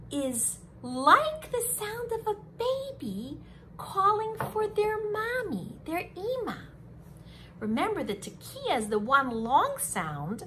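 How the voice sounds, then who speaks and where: A young woman teaching young children, talking slowly and in a sing-song way, as if to a class of small kids. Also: high voice, slight background noise. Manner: animated, sing-song, slow and drawn out for kids. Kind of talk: children's lesson.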